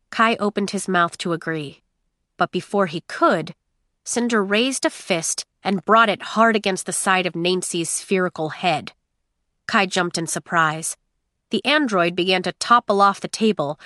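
A woman narrating a novel in measured, expressive storytelling. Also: mid-range voice, no room sound, studio quality. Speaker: audiobook narrator. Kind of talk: scripted narration.

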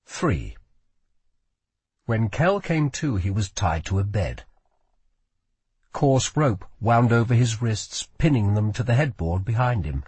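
A man narrating an audiobook in expressive storytelling style. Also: on the low side, takes it slowly, pauses often, husky, no room sound.

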